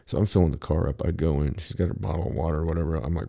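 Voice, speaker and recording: Deep gravelly man rambling and swearing. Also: fairly even intonation, rapid-fire, dark tone. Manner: rambling, profane, easily sidetracked. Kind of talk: casual storytelling.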